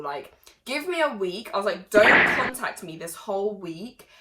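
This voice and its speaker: A young woman telling a personal story to camera in a chatty, animated way, with laughs and sudden loud bursts. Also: mid-range voice, noisy background. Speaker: vlogger.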